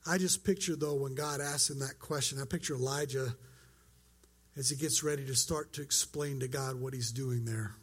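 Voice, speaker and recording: A man's voice: mid-range voice, fairly even intonation, moderate pace, breathy edge. A man preaching a sermon as pastor, earnest and conversational, acting out quoted lines.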